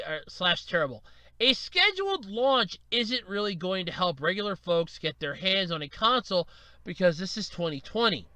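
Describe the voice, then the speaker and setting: A man's voice: high voice, clean tone, dry recording. A man hosting a solo podcast, ranting sarcastically, swearing freely and acting out quoted voices. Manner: animated, sarcastic, cursing, acts out quoted voices. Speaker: podcast host.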